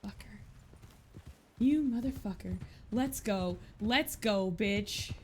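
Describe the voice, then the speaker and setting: A woman streamer rants in a swearing, frustrated ramble, her voice at an ordinary middle pitch. Game noise and horse hooves sound clearly behind her. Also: slow, darkish tone. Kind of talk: live gameplay roleplay stream.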